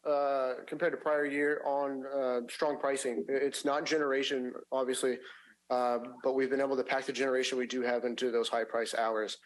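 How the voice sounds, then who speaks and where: A man walks a board through financial figures at a public meeting. He speaks in a measured way and fills his sentences with pauses and restarts. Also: medium pitch, rough recording. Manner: measured, frequent fillers and restarts. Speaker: agency finance staff presenting a report. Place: public agency meeting room.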